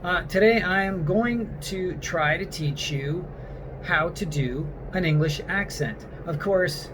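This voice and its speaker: A self-assured man coaching actors in a casual, chatty lesson, his voice sitting a little high. He talks straight to camera with plenty of "uh"s. A faint hiss runs underneath. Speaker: acting coach.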